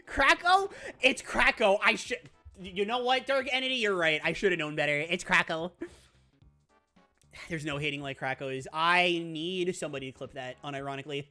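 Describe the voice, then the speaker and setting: A woman streaming a video game, chatting casually with her viewers, laughing often and squealing when things get exciting. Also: on the low side, moderate pace, soft background music. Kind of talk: casual live-stream commentary.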